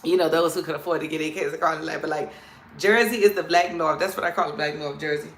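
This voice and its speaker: A woman's voice: low voice, level tone, racing, a bit bright, roomy sound. A woman with a New Orleans accent, chatting casually and playfully with viewers on a live stream as a comedian host. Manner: chatty, playful, calls viewers "girl" and "child".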